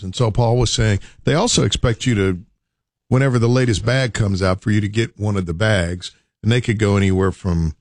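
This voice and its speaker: A man's voice: fairly low pitch, darkish tone, no echo, studio quality. A man hosting a casual talk show, spinning a playful what-if story.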